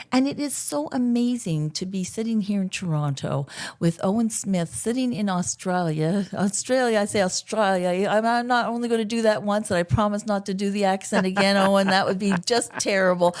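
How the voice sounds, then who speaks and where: A woman's voice: medium pitch, darkish tone. A middle-aged woman hosting an interview show, gushing and chatty as she introduces her guest. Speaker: show host. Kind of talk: enthusiastic interview host. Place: Toronto.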